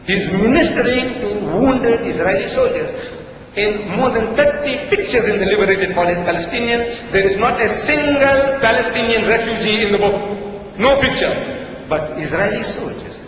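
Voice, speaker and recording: A man's voice: extremely high pitch, animated, moderate pace, fairly bright tone, slight background noise. Sarcastic man speaking in an echoey hall. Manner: sarcastic, emphatic, rhetorical questions. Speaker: debater. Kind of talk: public debate speech. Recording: distant echoey hall recording, lo-fi.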